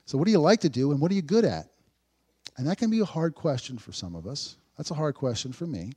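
A male pastor delivering a sermon conversationally, with dry sarcasm, swinging between loud emphatic points and hushed asides. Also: a little high, sing-song, fast talker, slightly rough.

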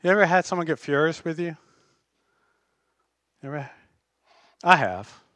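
A man's voice: a little high, expressive, a little slow, fairly bright tone, no room sound. A man preaching a sermon as pastor, passionate and emphatic.

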